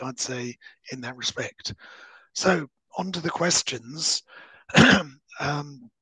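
A man speaks through a hoarse, husky throat. His pitch sits a little high for a man, and the sound is close and dry. He explains things steadily on a video call, and some phrases drop to a breathy near-whisper. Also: bright, forceful tone, no echo, rough recording. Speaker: solicitor giving legal advice. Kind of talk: webinar presentation.

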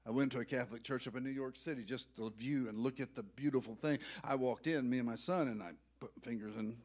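A male pastor preaching a sermon in a church, emotional and excitable, rising to loud outbursts. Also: on the high side, normal speed. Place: church sanctuary.

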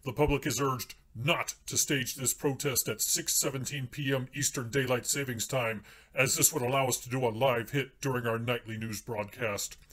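Comedy sketch: man doing a stiff, deadpan newsman, mid-pitched and formal. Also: normal speed, lightly acted. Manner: formal, deadpan newsreader delivery. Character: pompous male TV news anchor. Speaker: news anchor.

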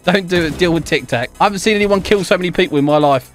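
A man's voice: high voice, fast, faint music behind. A man from England with an English accent, bantering with strangers in a game's voice chat, mocking and teasing and often laughing. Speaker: gaming YouTuber.

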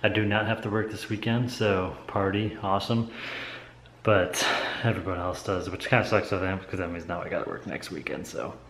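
A man's voice: deep voice, steady tone, moderate pace, fairly bright tone, roomy sound, a little hiss or hum. A man talking casually in a laid-back, rambling way with fillers for a family vlog. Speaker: family vlogger.

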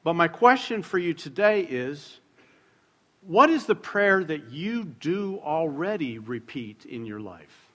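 A middle-aged man preaches from the pulpit in a relaxed, conversational way. His voice is bright and sits a little high for a man, and it rings out with a long echo through the church hall. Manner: conversational, jokes with the congregation, slows down to stress words. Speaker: pastor. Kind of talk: sermon. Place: church sanctuary.

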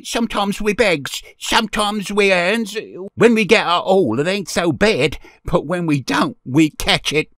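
High scared street urchin voice, pleading, rough grammar, dry close sound. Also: male voice, measured pace, hardly any pauses, a bit bright, dry recording. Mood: sullen. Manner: sobbing, pleading, rough ungrammatical speech. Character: frightened ragged street boy, young.

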